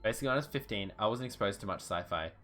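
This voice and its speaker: A man chats his way through a story game, his bright voice swinging up and down as he jokes at his own expense. His delivery stays casual and chatty. Soft game music plays faintly behind him. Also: lowish voice, animated, very fast. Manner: self-deprecating and joking, reads the game text aloud. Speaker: let's-play streamer. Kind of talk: casual gameplay commentary.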